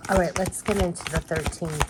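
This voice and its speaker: A woman's voice: lowish voice, fairly even intonation, fairly quick, heavy background noise. A woman doing a casual spiritual card reading, chatty and repetitive with many fillers, her voice congested from allergies.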